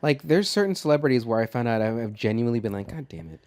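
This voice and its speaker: A man co-hosting a movie podcast, chatting casually with a loose, profane and animated manner. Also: medium pitch, racing, smooth. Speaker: podcast co-host. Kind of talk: casual chat.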